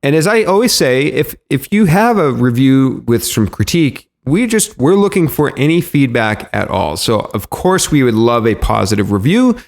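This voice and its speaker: A man's voice: medium pitch, sing-song, moderate pace, few pauses. A man hosting a podcast, introducing the episode in a chatty, loose way with some fillers. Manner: chatty, self-correcting, with filler ums. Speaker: podcast host.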